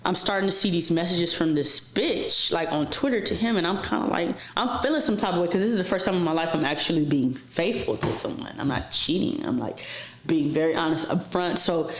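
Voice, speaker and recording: A woman guest on a podcast interview, telling stories in a casual, profane and animated way and acting out the voices of the people in them. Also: fairly low pitch, roomy sound.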